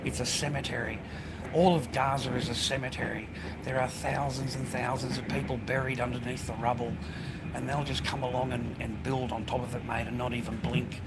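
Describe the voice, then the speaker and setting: A man's voice: medium pitch, level tone, fairly quick. An Australian man ranting to his phone as he walks along a street, rambling and profane, calling everyone mate and bro. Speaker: vlogger. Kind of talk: ranting monologue to camera while walking. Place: outdoors, walking along a street and path. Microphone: phone held while walking. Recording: phone recording with loud street noise. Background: loud traffic and street noise.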